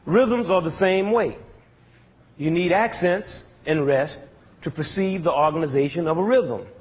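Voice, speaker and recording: A man's voice: a little high, measured pace, a little hiss or hum. A man explaining music to a young audience in an educational talk, teaching step by step and asking the audience questions as he goes.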